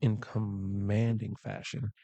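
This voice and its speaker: Playful man calling pool, mellow voice. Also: fairly low pitch, flat delivery, slow, no echo, highs cut off. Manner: playful, chatty, jokey asides to chat. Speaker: pool commentator. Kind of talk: live pool commentary. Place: pool hall commentary booth.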